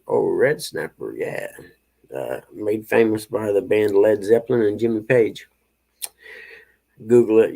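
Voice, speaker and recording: With a lowish, husky, mellow voice and plenty of vocal fry, a man in his fifties chats through a casual morning stream. He laughs often and reads comments from the chat.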